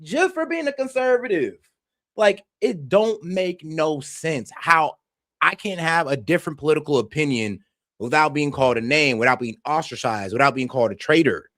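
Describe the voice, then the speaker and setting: A man's voice: on the high side, animated, normal speed, no room sound, studio quality. Passionate swearing male stream host. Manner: passionate, swearing, swings from shouting to quiet. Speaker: stream host reacting to videos. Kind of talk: heated casual commentary.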